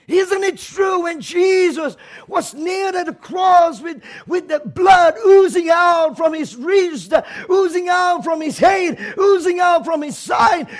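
A man preaching a sermon with passion, swinging between shouted lines and hushed ones. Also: very high-pitched.

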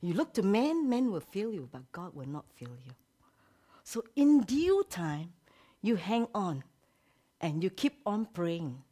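A woman pastor preaching a sermon. She drops to hushed whispers, then rises to loud exclamations. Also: on the low side, sing-song, a little slow, husky.

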